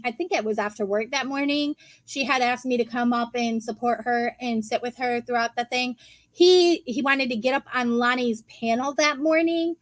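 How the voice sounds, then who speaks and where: A woman's voice: fairly high pitch, no room sound. A woman venting on a livestream about being attacked, hesitant and hurt. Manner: hurt, rambling, hesitant with fillers. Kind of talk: upset livestream monologue.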